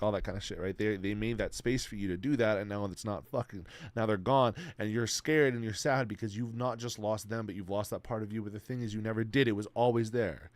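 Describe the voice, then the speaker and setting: A man's voice: fairly low pitch, darkish tone, dry recording. A man streaming to his chat, giving heartfelt advice in an earnest, emotional way, swearing freely and repeating himself. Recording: faint music in the background.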